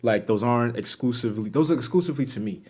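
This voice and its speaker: Animated New York man telling stories. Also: rapid-fire. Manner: animated, acts out quoted voices with big pitch jumps. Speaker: podcast guest, music producer and DJ. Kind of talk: casual storytelling chat.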